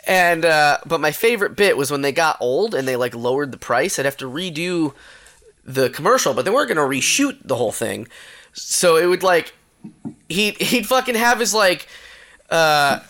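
A podcast co-host telling stories casually, animated and full of swearing. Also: medium pitch, moderate pace.

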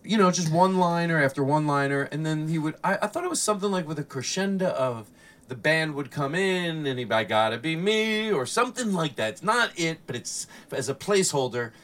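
A man hosting a casual comedy chat, telling stories and acting out other people's lines with plenty of swearing. His voice is bright and fairly high, and he sits a little back from the mic. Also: a little fast, distant mic. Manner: animated storyteller who acts out quotes, swears often. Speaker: podcast host and comedian.

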